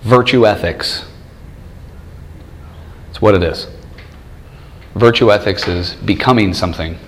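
A man's voice: on the low side, measured pace, fairly bright tone. A man in his thirties leading a church study group, teaching with many rhetorical questions and frequent chuckles. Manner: chuckles often while telling stories.

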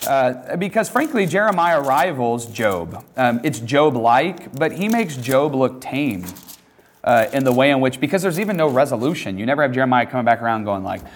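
A man preaching a casual, conversational sermon in an emphatic, animated way. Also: mid-range voice, moderate pace.

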